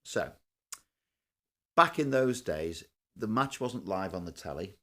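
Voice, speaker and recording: A podcast host, telling a football anecdote in a casual, animated way. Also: male voice, low voice, slow. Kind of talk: casual storytelling chat.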